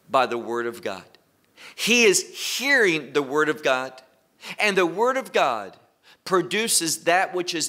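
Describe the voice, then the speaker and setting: Male Bible teacher, slightly high, bright tone, very slow measured delivery, repeats phrases for emphasis. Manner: asks listeners direct questions.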